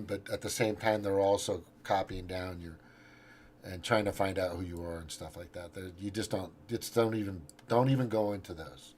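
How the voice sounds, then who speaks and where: The host of his own show speaks at normal speed in a low-pitched, a little mellow voice with fairly even intonation, and a little hiss or hum sits under the audio. He rambles through a casual, profane political rant, scrolling and reading his posts aloud, often restarting and trailing off.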